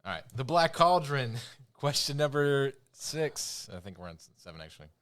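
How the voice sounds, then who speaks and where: A man's voice: medium pitch, very animated, normal speed, fairly bright tone, smooth. A man hosting a trivia round on a casual podcast, his voice sitting in a middle register. He teases his co-hosts and laughs often as he reads out questions and answers. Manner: teasing quizmaster, laughs often. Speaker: podcast co-host running the trivia quiz.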